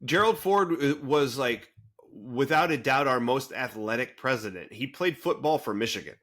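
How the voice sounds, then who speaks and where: Bright-voiced chatty man. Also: mid-range voice, moderate pace. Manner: animated, rambling with many fillers. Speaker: podcast co-host. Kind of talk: casual chat.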